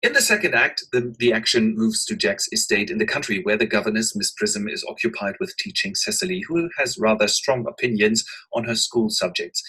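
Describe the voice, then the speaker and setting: A man retells a play in an expressive, animated narration, as if teaching a lesson. His voice is bright and husky, and its pitch moves a lot. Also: brisk, hardly any pauses, low-quality recording. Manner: lively and expressive.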